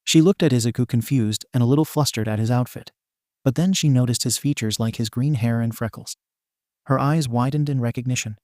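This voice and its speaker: A man reading a fan fiction story aloud as narrator, with a steady, even delivery. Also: mid-range voice, a little fast, no room sound, studio quality.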